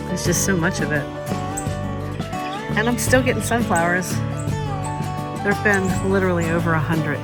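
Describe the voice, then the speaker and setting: A low-voiced woman chats her way through a casual outdoor garden tour, filmed on a handheld camera. Loud music plays under her voice. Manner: chatty, talks fondly to her dogs in a high baby voice. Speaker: home gardener vlogger.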